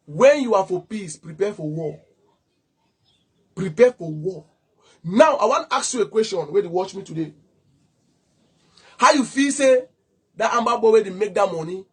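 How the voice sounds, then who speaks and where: A man's voice: sits high, breathy edge. A man with a Cameroonian Pidgin English accent, an activist speaking straight to the camera in a heated, accusing way, often stuttering on repeated words. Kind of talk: impassioned direct-to-camera talk.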